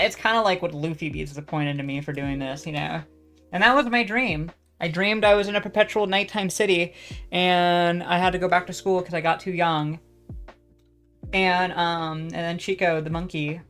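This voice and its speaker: A woman's voice: sits low, a bit bright. A woman hosting a loose, rambling solo talk, restarting sentences constantly, packed with fillers and casual swearing. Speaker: podcast host.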